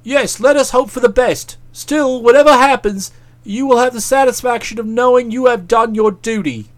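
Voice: medium pitch, moderate pace, lightly acted. A reader voicing a self-satisfied young man who talks in a breezy, pompous way. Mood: smug, breezy. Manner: breezy, pompous, pleased with himself. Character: self-satisfied young male writer, jaunty.

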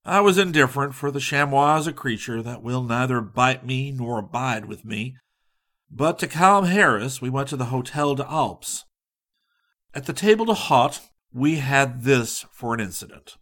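A man reading a humorous travel story aloud in a measured, dry, wry storytelling manner. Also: medium pitch, animated, fairly bright tone. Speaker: audiobook narrator. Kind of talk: scripted narration.

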